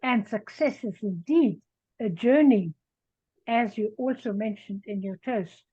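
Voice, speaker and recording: A woman giving an evaluation at an online club meeting, speaking in measured short phrases over a video call. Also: medium pitch, breathy edge, dry recording. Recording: dry, dull video call audio.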